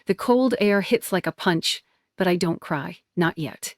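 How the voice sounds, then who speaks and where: A woman narrating a dramatic first-person story in clipped, tense, emotional sentences. Her voice sits fairly low. The recording is dry and close, with no room around it. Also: unhurried, no room sound.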